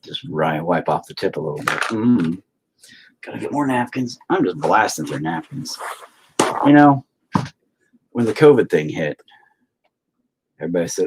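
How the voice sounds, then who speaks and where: A man's voice: deep voice, sing-song, normal speed, pauses often, a little mellow, slight background noise, low-quality recording. A man chatting casually and crudely while he paints, rambling and joking with lots of swearing. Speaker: painter streaming his work.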